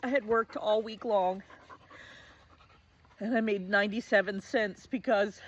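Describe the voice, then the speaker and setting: A woman in her forties spins a personal tale in a chatty, vivid way, poking fun at herself as she goes. Her voice sits at an ordinary middle pitch. A faint hiss of noise runs under the recording. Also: takes it slowly, pauses often, lo-fi sound. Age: 40s. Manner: vivid, self-mocking, conversational with frequent "like". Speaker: storyteller. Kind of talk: personal storytelling.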